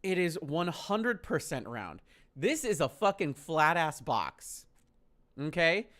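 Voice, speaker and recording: Male streamer telling a story in an exasperated, profane way; wide pitch swings, slow delivery. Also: sing-song, a bit bright.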